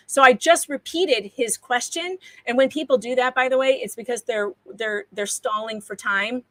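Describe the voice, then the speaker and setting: A woman's voice: high voice, normal speed, a bit bright, dry recording, poor audio. A woman chatting as a guest on a livestream, self-deprecating and laughing often. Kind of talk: casual livestream chat.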